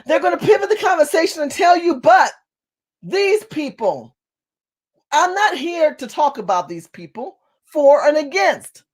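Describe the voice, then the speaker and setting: A high-pitched woman from California delivers a fiery political monologue as a community activist. She talks quickly and forcefully, hammering her points home by saying them again and again. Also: lively intonation. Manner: fast-talking, forceful, repeats phrases for emphasis.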